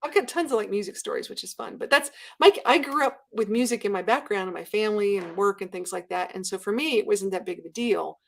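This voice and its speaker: A woman guest chatting casually in an interview, telling stories with lively acted-out quotes. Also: medium pitch, fast talker, gravelly, few pauses. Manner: animated storyteller, acts out quotes. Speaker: guest YouTuber.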